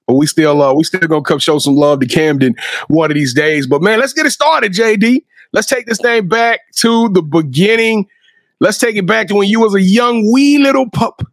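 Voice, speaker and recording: A man hosting a casual interview, energetic and slangy, often repeating words as he thinks. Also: sits high, moderate pace, dry recording, clean studio sound. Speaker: interview host.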